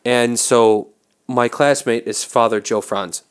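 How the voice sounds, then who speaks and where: A male priest chats on a podcast in an everyday, mid-pitched voice. He tells his story with animation, restarts sentences as he goes, and breaks into laughter often. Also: steady tone, takes it slowly, clean tone. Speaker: Catholic priest, podcast guest. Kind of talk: casual podcast chat.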